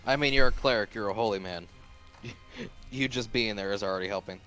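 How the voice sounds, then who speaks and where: A young man with a bright, clear voice is running a tabletop game as dungeon master. He chats casually and easily through turns and rules, and faint music plays in the background. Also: on the low side, brisk.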